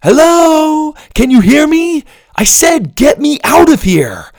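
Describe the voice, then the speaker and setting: A man voicing a frightened young boy in a storybook reading, high and pleading. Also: big pitch swings, moderate pace, vocal fry, full character voice. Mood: shouting. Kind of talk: storybook narration.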